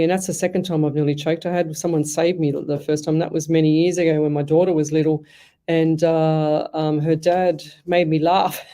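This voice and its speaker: A woman's voice: deep voice, warm tone. An Australian woman hosting a live psychic radio show, chatty and effusive, rambling through stories. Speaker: psychic medium radio host. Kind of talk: casual live radio chat.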